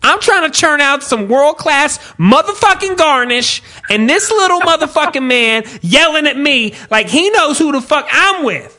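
A man's voice: very high-pitched, lively intonation, normal speed, hardly any pauses, pushed and bright, pitched above the performer's own voice, full character voice. A man putting on a sassy, fed-up woman cook. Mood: indignant. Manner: indignant, swearing ranting tirade.

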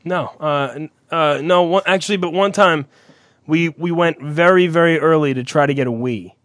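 A man's voice: a little high, normal speed, fairly bright tone, no echo. A young man in casual chat who rambles through stories, swears freely and acts out other people's voices.

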